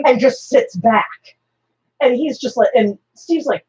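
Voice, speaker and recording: A woman co-hosting a casual roundtable chat, telling stories with lively acted-out lines. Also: medium pitch, fairly quick. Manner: animated storyteller acting out characters' lines. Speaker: podcast co-host. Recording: dull lo-fi recording.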